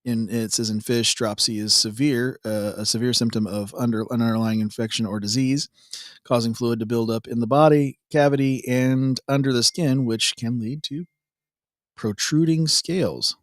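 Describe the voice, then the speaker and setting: Dude reading bible verses n cracking jokes, easygoing, dry close mic, no room sound. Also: male voice, mid-range voice, fairly even intonation, normal speed, dry recording. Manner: laid-back, jokey, laughs often. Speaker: co-host of a devotional show. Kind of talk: casual Bible reading and chat.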